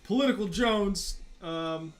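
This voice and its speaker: Man, slightly higher voice, loose profane storyteller, chats over faint music while drawing. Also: slow. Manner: rambling, profane, filler-heavy storytelling. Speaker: artist vlogger. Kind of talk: casual rambling chat while drawing.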